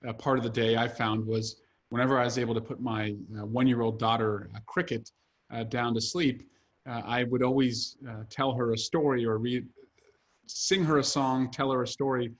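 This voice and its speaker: A man's voice: mid-range voice, little pitch movement, brisk. A man in his thirties, an author and congressman, talking earnestly with many "uh" fillers during a video-call interview. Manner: frequent "uh" fillers, earnest and fluent.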